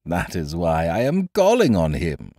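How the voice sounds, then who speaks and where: A man's voice: deep voice, wildly swooping pitch, measured pace, warm tone, no echo, clean studio sound, exaggerated voice. A man voicing a mocking aristocratic colonel who talks airily and carelessly, with cruel good humor. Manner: airy, careless, laughing.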